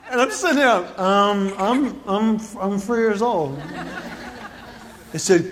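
A middle-aged male stand-up comedian telling stories in a playful, animated way, recorded live before an audience in a large hall. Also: high-pitched, unhurried, pauses often, some chatter behind, a little hiss or hum. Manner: animated, playful storytelling with acted-out quotes.

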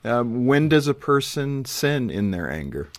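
A man's voice: mid-range voice, big pitch swings, measured pace, no echo. A man hosting a Christian radio interview, asking questions in an affirming manner. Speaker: radio host.

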